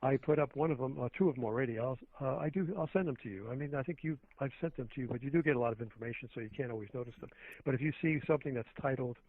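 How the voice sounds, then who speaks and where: Calling into a talk radio show, this guest races along in a mid-range voice, speaking earnestly and at length. He restarts often, and the line comes through tinny and dry.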